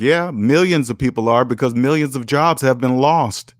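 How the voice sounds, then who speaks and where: In a clean studio recording with no room sound, a man with a mid-range voice talks at normal speed. Hosting his finance vlog, he reads an article and comments as he goes, lecturing in an emphatic, repetitive way that veers from loud to soft.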